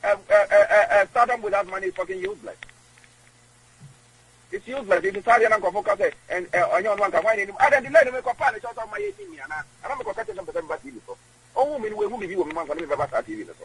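A man's voice: high voice, expressive, fast, fairly bright tone, low-quality recording. A man with a Ghanaian accent, a guest in an interview, who rambles and repeats words. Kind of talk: conversational interview.

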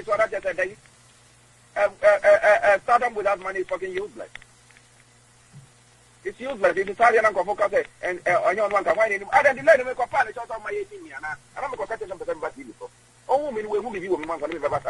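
A man with a Ghanaian accent, an interview guest talking in an animated, emotional way, mixing English and Twi. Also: sits high, gravelly, husky, low-quality recording.

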